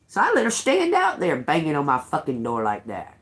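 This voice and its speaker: A woman, a tarot reader telling a story on a live stream in a heated, swearing, animated rant. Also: deep voice, a little fast. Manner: profane, heated, animated retelling.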